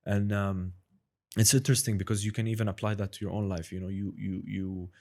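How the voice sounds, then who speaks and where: Lower-pitched man, guest in a loose, rambling chat. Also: fairly quick. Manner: rambling, many restarts, lively when demonstrating. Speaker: podcast host, guest. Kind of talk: casual interview chat.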